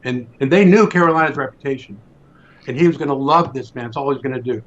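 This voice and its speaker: A man's voice: medium pitch, fast, highs cut off. Earnest man telling a story emphatically. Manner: emphatic, repeats words as he builds a point. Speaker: speaker in a faith discussion.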